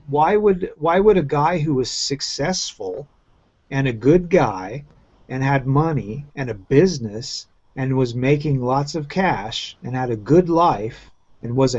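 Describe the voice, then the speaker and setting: A man's voice: a little high, a little mellow, breathy edge. A man hosting a crude, casual round-table chat over a video call, talking bluntly and profanely in rambling runs full of restarts. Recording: muffled lo-fi online call.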